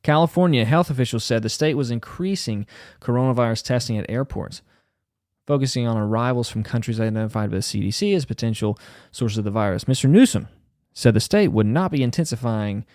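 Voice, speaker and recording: Male host, mid-pitched, reads news deadpan with snarky asides; very dry, close sound. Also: brisk, dry recording. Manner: sarcastic, mocking, deadpan. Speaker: podcast host. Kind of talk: reading news aloud with sarcastic asides.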